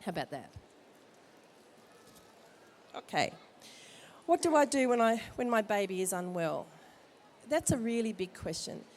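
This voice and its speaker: Woman, midwife, head cold, mellow voice, joking advice, expo hall, faint background noise. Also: mid-range voice, big pitch swings, a little slow, long pauses. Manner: chatty, jokey, direct advice. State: has a cold. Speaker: midwife speaker at a baby expo. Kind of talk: informal talk to expectant parents.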